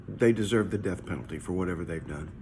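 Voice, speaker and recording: A man's voice: low voice, quick pace, a little mellow, slight background noise. A man, a pastor, giving a casual morning devotional in a conversational, searching way, often repeating his words. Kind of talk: short devotional talk.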